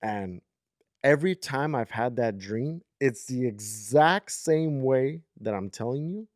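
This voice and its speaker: A man's voice: medium pitch, animated, takes it slowly, darkish tone, no room sound, clean studio sound. A man in his thirties co-hosting a podcast, telling a story in a rambling, casual way with many "like"s and "okay?"s. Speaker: podcast co-host.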